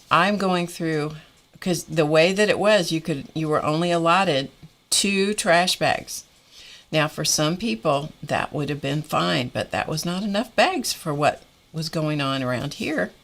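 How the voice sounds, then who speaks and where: A woman's voice: low voice, a little slow, fairly bright tone. A middle-aged woman hosting a live stream, telling a story in a wry, exasperated way with frequent laughs. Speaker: host of a live art stream. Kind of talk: casual storytelling chat.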